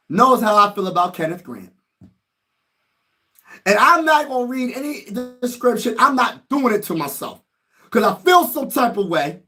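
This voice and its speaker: A man hosts a laid-back live stream, reacting with excitement and addressing his chat directly in slang-heavy speech. His volume swings between low mutters and loud shouts.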